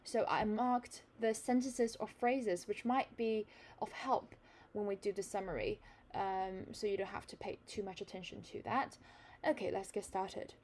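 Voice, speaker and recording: A woman's voice: mid-range voice, flat delivery, unhurried, darkish tone, a little hiss or hum. A woman hosting an online reading lesson, explaining a news article to viewers in a chatty, friendly teaching manner. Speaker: host of a reading lesson channel.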